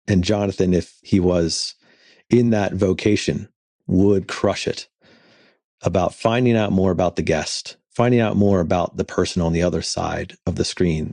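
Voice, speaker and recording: Man, podcast host, fairly low voice, mellow tone, measured and earnest. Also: gravelly, no echo, clean studio sound. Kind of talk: casual podcast chat and guest introduction.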